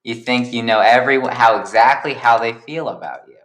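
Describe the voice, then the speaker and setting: A calm, wise creature hands out blunt advice in a storybook retelling, as a man puts him on. He lectures steadily in a plain voice. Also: mid-range voice, normal speed, close to an everyday voice, low-quality recording. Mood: lecturing.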